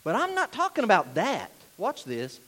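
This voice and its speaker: A man with a Southern drawl preaches a sermon in a high voice that leaps up and down. He talks straight to his congregation in a conversational way, throwing them pointed questions one after another. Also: huge pitch swings, moderate pace, bright, forceful tone. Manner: direct, conversational, questioning the listeners. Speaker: pastor.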